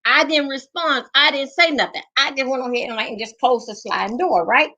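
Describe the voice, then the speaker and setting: A middle-aged woman with a high, bright voice spins a comic story from her own life. She talks loud and salty, leaning hard on repeated phrases for effect. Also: brisk, highs cut off.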